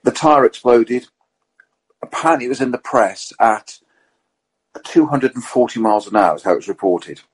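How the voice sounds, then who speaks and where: A man's voice: medium pitch, normal speed, pauses often, slightly rough, low-quality recording. A man telling racing anecdotes in a casual chat, quoting people as he goes. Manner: animated storyteller who quotes others in their own voice.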